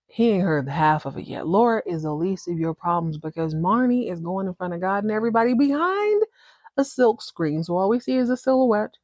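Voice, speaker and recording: A woman host chatting casually through a TV episode recap, slangy and animated. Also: medium pitch, fairly quick, no echo, studio quality. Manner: chatty, slangy, acts out characters. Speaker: podcast host.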